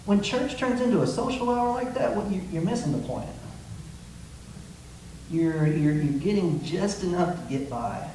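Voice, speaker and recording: A man's voice: sits high, lively intonation, normal speed, mellow. A man preaching a sermon as pastor, with impassioned delivery and acted-out quotes, recorded from a distance in a church. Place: church sanctuary. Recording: echoey room, mic from a distance, faint noise.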